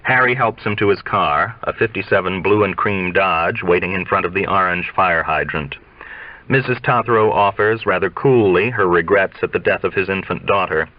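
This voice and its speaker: A man narrating a literary novel aloud in a measured, deliberate way. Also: low voice, dry recording. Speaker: audiobook reader. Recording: dry, dull lo-fi sound.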